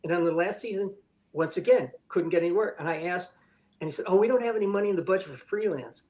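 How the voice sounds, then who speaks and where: This older man has a high voice with a darkish tone and talks at a quick pace, though the recording is low-quality. He's an animation director telling candid interview stories, blunt and profane, acting out what others said.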